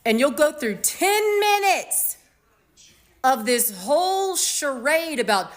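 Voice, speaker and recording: A woman's voice: fairly high pitch, sing-song, a little slow. A woman from the United States hosting her own show, giving a blunt, emphatic commentary monologue full of fillers and restarts. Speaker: show host.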